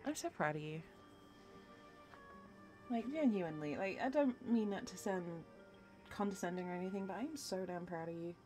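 A woman's voice: mid-range voice, moderate pace, pauses often, warm tone, faint music behind. A young woman streaming live while she paints, tired and worn out, reading her chat aloud and answering viewers with encouragement. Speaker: livestreamer.

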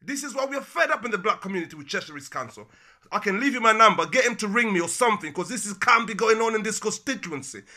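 Agitated high-voiced man on a call. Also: expressive, quick pace, sharp tone. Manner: agitated, repetitive, calls listener "my love". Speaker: caller complaining to council services. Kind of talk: phone call.

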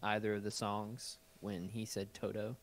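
A man's voice: fairly low pitch, flat delivery. A man co-hosting a casual podcast who jokes, wanders off topic and argues over trivia. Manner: joking, digressive, quick to argue. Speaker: podcast co-host. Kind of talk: casual chat.

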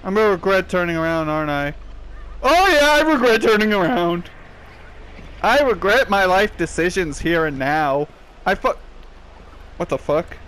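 A man playing a horror video game and commenting on it, with loud exclamations and a lot of swearing. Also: high voice, expressive, normal speed, long pauses, clear, resonant tone. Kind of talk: let's play commentary.

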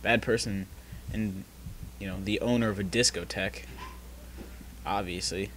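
A man's voice: lowish voice, steady tone, normal speed, fairly bright tone, a little hiss or hum. A man recording a casual gaming session at home, bantering sarcastically with a friend. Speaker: gamer recording a let's play.

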